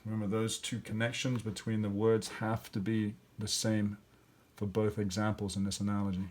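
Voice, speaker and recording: A man's voice: on the low side, little pitch movement, normal speed, a little mellow. A male teacher walking through grammar and spelling exercises step by step, thinking aloud with fillers. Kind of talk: classroom lesson walkthrough.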